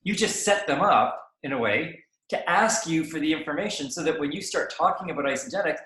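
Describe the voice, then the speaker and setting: A man's voice: fairly high pitch, fairly quick. Man coaching in an echoey room. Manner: animated, acts out dialogue, frequent tag "right?". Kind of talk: coaching chat, explaining sales conversations.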